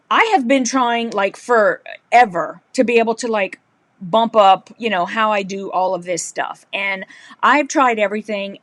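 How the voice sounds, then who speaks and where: A woman hosting a live sewing stream, telling stories in a chatty, animated way and laughing often. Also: a little high, dry recording. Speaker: livestream host, quilter. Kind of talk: casual live-stream chat.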